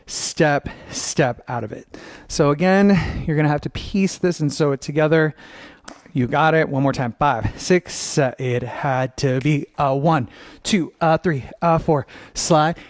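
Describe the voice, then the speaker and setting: A man's voice: a little high, no echo, clean studio sound. A man teaching a dance combination at home, upbeat, counting steps aloud and scatting the rhythm while he moves. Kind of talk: dance tutorial instruction. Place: dancing at home.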